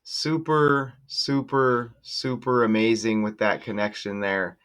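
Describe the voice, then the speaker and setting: A man hosting his own channel, talking casually and excitedly to viewers while walking through on-screen material, exclaiming often. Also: mid-range voice, takes it slowly, clean tone. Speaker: channel host decoding news numbers. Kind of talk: casual screen-share commentary.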